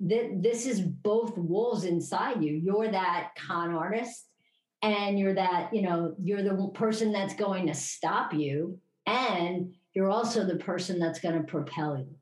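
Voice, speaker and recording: Rambling woman co-host, echoey room. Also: medium pitch. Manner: rambling, halting restarts, upbeat. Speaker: podcast co-host. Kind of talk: casual chat.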